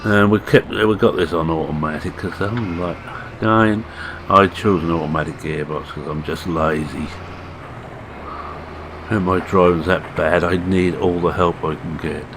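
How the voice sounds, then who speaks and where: Behind the voice are game engine and vehicle noises from a farming game. The player, a Scottish gaming channel host, speaks deeply at a measured pace with fairly even intonation, musing aloud in casual, self-deprecating commentary.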